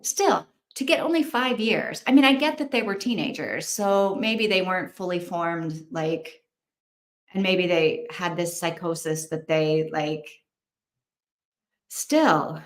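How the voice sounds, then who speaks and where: A woman's voice: lowish voice, slow pace, echoey room. A woman hosting a casual livestream, chatting, thinking aloud and reacting to viewer comments. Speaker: livestream host.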